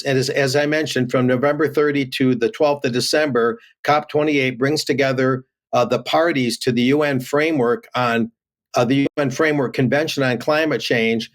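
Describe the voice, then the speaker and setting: A man giving remote news commentary, reading headlines aloud with many fillers and restarts. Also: mid-range voice.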